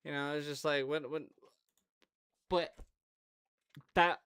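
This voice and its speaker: A man's voice: on the high side, fairly even intonation, slow pace, a bit bright, clean tone. A man hosting a podcast in a casual, rambling monologue, swearing freely and talking to his dog. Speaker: podcast host.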